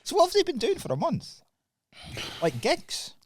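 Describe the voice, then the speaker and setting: A man's voice: extremely high pitch, moderate pace, dry recording, studio quality. A man, telling anecdotes in casual podcast chat. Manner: animated storyteller. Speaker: podcast guest.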